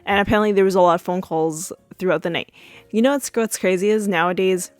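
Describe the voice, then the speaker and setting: A woman hosting a podcast, recapping a TV episode in a chatty way with many fillers, and acting out the characters' yelled quotes. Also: mid-range voice, quick pace, dry recording, soft background music. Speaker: podcast host.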